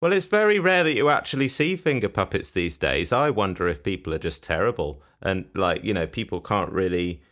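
Teasing man, low voice. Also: animated, fairly quick, hardly any pauses, fairly bright tone. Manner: teasing, rambling, laughs often. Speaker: podcast co-host. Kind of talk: casual comedic podcast chat.

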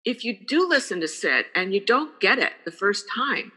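A woman's voice: medium pitch, very animated, moderate pace, bright, forceful tone, husky, in a large hall. An older woman, a guest in a casual interview, speaking earnestly and repeating phrases for emphasis. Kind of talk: casual conversation.

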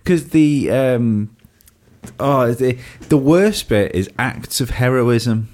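A man's voice: medium pitch, takes it slowly. A man co-hosting a podcast, joking and rambling in casual chat. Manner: joking, rambling with restarts, lively delivery.

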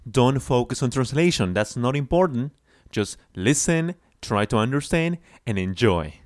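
Male English teacher for a song lesson, drawn-out phrases for repetition, smooth voice, dry close sound. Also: medium pitch, expressive, dry recording.

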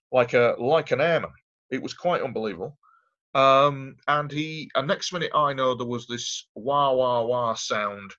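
A man in middle pitch tells his story as an interview guest, rambling and emphatic and circling back on his own words. The audio is dull and lo-fi, with the top end muffled. He talks casually, as if chatting with a mate. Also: fairly bright tone. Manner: rambling, emphatic, repeats himself.

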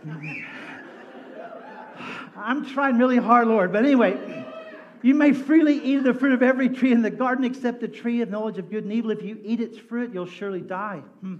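A male pastor with a fairly high voice preaches a lively sermon. He tells stories with humor and slips into voices for the people in them. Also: muffled recording, slight background noise. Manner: animated, jokey, acts out voices in his stories. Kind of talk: sermon with storytelling. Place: church sanctuary.

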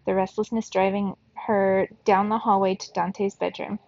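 Gravelly woman reading a children's novel aloud. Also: medium pitch, moderate pace, hardly any pauses, no echo, dull audio. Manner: steady, expressive storytelling. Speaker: reader for a children's book club.

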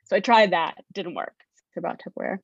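A woman's voice: on the low side, sing-song, brisk, gravelly, husky, no echo, muffled recording. A young woman, a podcast guest, candidly telling her story and acting out her past self in quoted lines.

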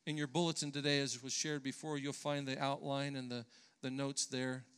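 A man's voice: mid-range voice, little pitch movement, normal speed, a bit bright, smooth. A man preaching a sermon in church, earnest and emphatic, sometimes restarting his phrases. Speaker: pastor.

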